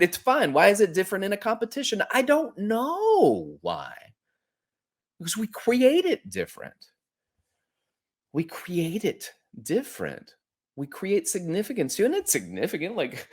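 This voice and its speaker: A man hosting a podcast, telling a personal story in an earnest, conversational way that grows animated when he quotes others. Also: on the high side. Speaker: podcast host. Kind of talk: reflective storytelling monologue.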